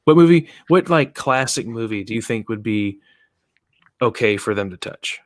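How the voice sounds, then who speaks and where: A man guest on a casual podcast, talking with animated energy and quoting film lines. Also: medium pitch, moderate pace, no echo, studio quality. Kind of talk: casual chat.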